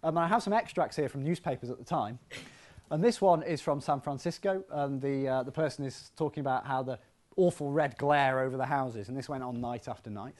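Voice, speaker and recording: In a hall, a man who teaches physics gives a public science lecture that's lively, conversational and sprinkled with self-deprecating remarks. His voice is mid-range and fairly quick.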